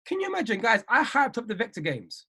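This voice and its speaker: A man coaching traders on a video call, talking in an animated, emphatic way and repeating himself for effect. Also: very high voice, fast, husky. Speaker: trading coach.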